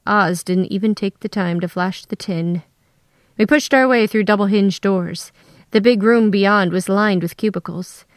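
A woman telling a first-person story in a steady, scripted narration. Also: mid-range voice, a little slow, no room sound, clean studio sound.

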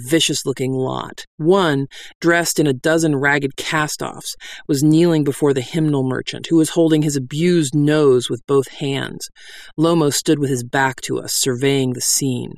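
Gravelly, wry story narrator. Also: mid-range voice, no room sound, clean studio sound. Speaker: audiobook narrator.

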